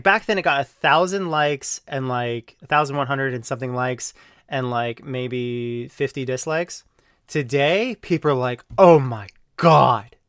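A man's voice: mid-range voice, fairly bright tone, clean tone, no room sound, studio quality. A man in a casual monologue, rambling and defensive, with lots of fillers and self-justification. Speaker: online video creator being reviewed.

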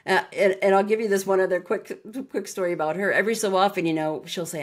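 A woman guest on a podcast interview, telling stories in a lively way and acting out the lines of people in them. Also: medium pitch, fast. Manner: lively anecdotal storyteller who acts out dialogue. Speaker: interview guest, retired naval officer. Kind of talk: conversational interview.

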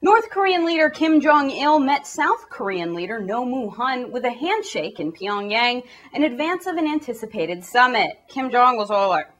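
A woman's voice: fairly high pitch, very animated, moderate pace, hardly any pauses, fairly bright tone. A young woman hosting a comedic news recap in a goofy, sarcastic way. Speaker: news host.

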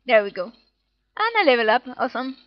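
Very animated at a normal speed, a woman with a slightly high voice gives casual gameplay commentary. This let's play gamer giggles and reads the game text in playful little voices, captured in a dull, dry home recording with no room sound.

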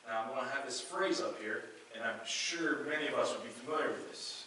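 A pastor preaching a sermon, reading scripture aloud and earnestly repeating key phrases. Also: male voice, mid-range voice, fairly quick, sharp tone, a little hiss or hum. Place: church sanctuary. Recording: very echoey church hall, mic far off.

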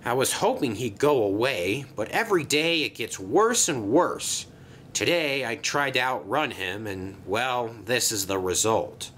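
A man's voice: mid-range voice, animated, unhurried, a bit bright, slight background noise. A man voicing a sheepish, secretive male bus in a storybook tale, talking hesitantly and apologetically.

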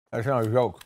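A man's voice: medium pitch, darkish tone. A man co-hosting a casual gaming chat, jokey and rambling as he clowns around. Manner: jokey, rambling, playfully silly. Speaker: co-host.

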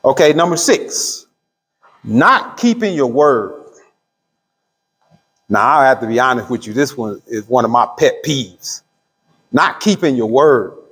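A middle-aged pastor teaching a Bible study, asking the room questions and drawing out key words. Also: male voice, medium pitch, animated, fairly bright tone, husky. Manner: call-and-response questions to the room; drawls key words slowly. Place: church hall. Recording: long hall reverb.

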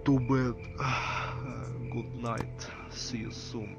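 A man voicing a king's chief servant in a game, speaking in halting, oddly phrased English with a Russian accent. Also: mid-range voice, fairly even intonation, vocal fry, muffled recording, loud music behind the voice. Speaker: game phone caller. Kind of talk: game character voice.

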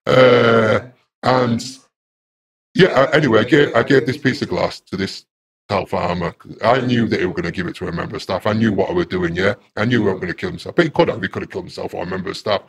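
Rambling man, low voice. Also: quick pace, slightly rough. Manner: rambling and repetitive, grows loud and agitated. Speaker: interview guest. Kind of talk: casual first-person storytelling.

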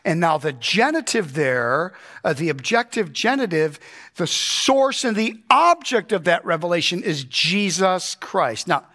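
Male pastor, fairly high voice, emphatic conversational sermon delivery, keeps checking in with the room. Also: sing-song, measured pace, pushed and bright. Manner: emphatic, conversational, asks the congregation rhetorical questions. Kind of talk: verse-by-verse Bible teaching sermon. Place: church.

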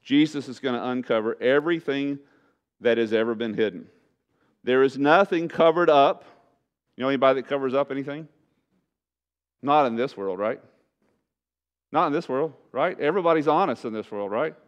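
A man preaching a sermon as pastor, his voice rising loud and slowing down to hammer points home. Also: mid-range voice, lively intonation. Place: church sanctuary.

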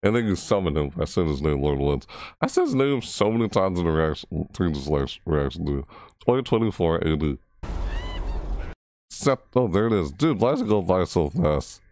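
A man hosting a reaction video, rambling casually with frequent restarts and excited asides, his voice cracking. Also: low-pitched, moderate pace.

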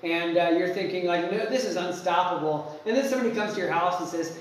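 A man preaching a sermon as pastor, animated, acting out quotes and restarting his sentences often. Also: high voice, fast talker, hardly any pauses. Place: church sanctuary. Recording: echoey church hall, mic far off.

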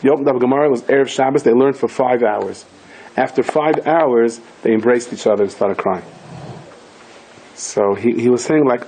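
Husky rabbi telling stories, peppered. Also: male voice, fairly quick, low-quality recording. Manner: animated storyteller, acts out quoted voices with sudden high pitch jumps. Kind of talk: storytelling Torah lecture.

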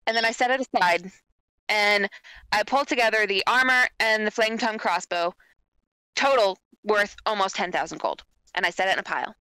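Bright-voiced woman bargaining in a tabletop game. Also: medium pitch, clean tone, dry recording, poor audio. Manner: pleading, deliberate bargaining. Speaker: player. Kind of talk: in-character tabletop play.

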